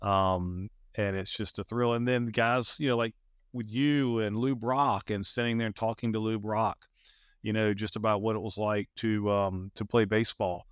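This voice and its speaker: A middle-aged man telling a story as an interview guest, earnest and halting, often repeating words. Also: fairly low pitch, fairly even intonation, clear, resonant tone, no echo, clean studio sound. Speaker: guest, athlete and speaker.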